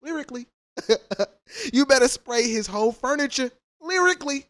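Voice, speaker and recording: A man's voice: very high-pitched, moderate pace. Male reaction streamer, brash slang and cursing, voice swings widely up and down. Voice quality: animated, profane, trash-talking slang. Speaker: music reaction YouTuber. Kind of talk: casual reaction commentary.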